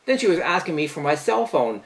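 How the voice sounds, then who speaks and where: A man's voice: a little high, big pitch swings, brisk. A middle-aged man vlogging, casually retelling a personal story in a profane, incredulous way.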